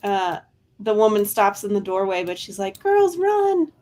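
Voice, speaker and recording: A woman narrating as game master of a tabletop game, halting and full of fillers. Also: medium pitch, flat delivery, darkish tone.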